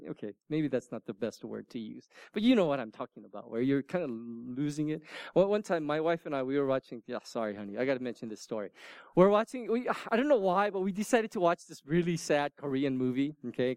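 A middle-aged man preaching a sermon, emphatic and animated at times, then dropping to soft, near-whispered words. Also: mid-range voice, a little fast, vocal fry, dry recording, clean studio sound. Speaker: pastor.

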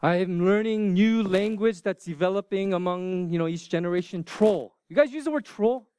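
A man in his forties preaching a sermon, informal and joking, dropping from loud bursts to hushed near-whispers. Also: sits high, normal speed, clear, resonant tone. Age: 40s. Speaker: pastor.

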